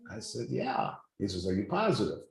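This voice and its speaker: A man who deals in precious metals, a guest in an interview, telling a long anecdote in an animated way. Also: on the low side, moderate pace, vocal fry, roomy sound. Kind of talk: storytelling in an interview.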